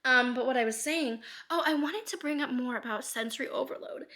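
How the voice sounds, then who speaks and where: Chatty, bright-voiced young woman vlogging. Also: high voice, fairly quick. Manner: rambling with many fillers and frequent laughs; swears casually. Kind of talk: candid personal vlog.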